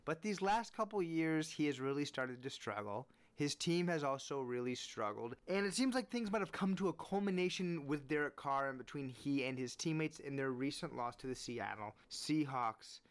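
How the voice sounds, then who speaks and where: A man offers earnest, animated opinion commentary on sports in a clear, resonant tone. His pitch rises whenever he presses a point.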